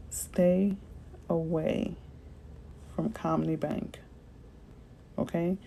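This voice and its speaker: A woman realtor from Florida chatting casually with viewers on a livestream, animated and slangy, answering their comments as they come in. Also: on the low side, gravelly, slight background noise, low-quality recording.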